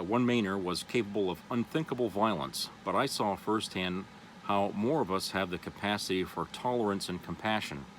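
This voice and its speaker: A man's voice: sits low, fairly bright tone, slight background noise, low-quality recording. A man vlogger reads an article aloud, then comments casually and loosely, with many fillers. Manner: loose and rambling, with many "you know" fillers.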